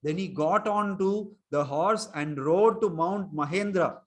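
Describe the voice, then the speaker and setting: In a voice that sits high and moves a little slowly, a man tells a story to children during an online class. He chuckles along the way and quizzes them.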